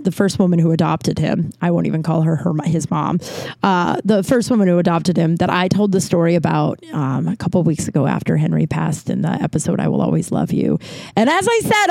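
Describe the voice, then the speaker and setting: A woman in her forties hosting a podcast, telling stories in a chatty, profane way while hoarse from losing her voice. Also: on the low side, mellow, dry recording. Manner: chatty and profane, acts out quoted people. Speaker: podcast host. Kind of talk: casual storytelling monologue.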